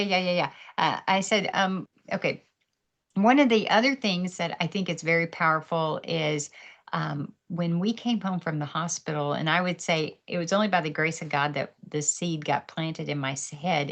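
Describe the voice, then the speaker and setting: A woman with a lowish voice speaks at a moderate pace on a muffled recording. She's a podcast guest on a video call, candidly sharing her story of faith, laughing often and imitating other people's voices.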